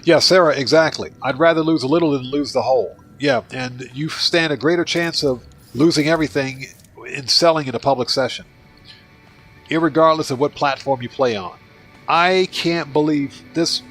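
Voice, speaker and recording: A man's voice: mid-range voice, a little fast, fairly bright tone, soft background music. A man streaming a video game, chatting casually and talking to his viewers by name as he plays. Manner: chatty, talks to viewers by name while playing. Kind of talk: casual livestream gaming commentary.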